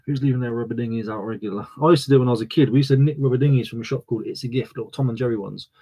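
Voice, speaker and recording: A man's voice: medium pitch, quick pace, a little mellow, slightly rough. A man hosting a live stream, joking around and reading out viewers' comments in casual banter. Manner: jokey, reads viewer comments aloud and banters. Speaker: channel host streaming live.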